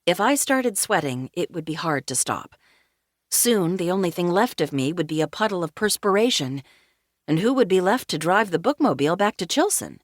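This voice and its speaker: A woman narrating a cozy mystery audiobook in first person, with a wry, deadpan humor. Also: fairly low pitch, normal speed, no echo, clean studio sound.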